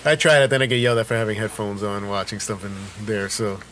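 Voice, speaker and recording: A man's voice: fairly low pitch, fast talker, a bit bright, slight background noise. A man hosting a casual podcast, easygoing and explaining news items to his co-host.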